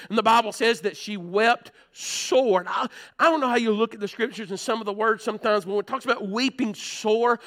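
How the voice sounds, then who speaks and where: A man preaching in a very high, bright voice. He delivers his sermon in earnest storytelling, dropping suddenly from loud passages to near hushes. He speaks from the pulpit of a church sanctuary. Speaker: pastor.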